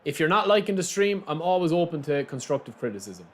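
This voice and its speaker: A young Irish man streams a football video game live, chatting to his viewers and reacting to every pass and miss. His voice sits a little high and jumps around a lot as he talks. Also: sing-song, quick pace. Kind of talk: live gameplay commentary.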